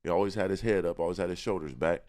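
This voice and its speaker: A man's voice: sits low, rapid-fire, darkish tone. A man in a casual podcast interview, talking about himself with confidence and often repeating words as he searches for the next one. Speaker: guest.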